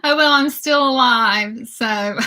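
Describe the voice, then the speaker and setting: A woman's voice: high voice, slow pace, pushed and bright. A woman in her fifties, from the southern United States, hosting a casual livestream chat, giggling often and reacting to viewers' comments. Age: 50s. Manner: giggly, exclaims "oh my goodness" often. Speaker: beauty channel host.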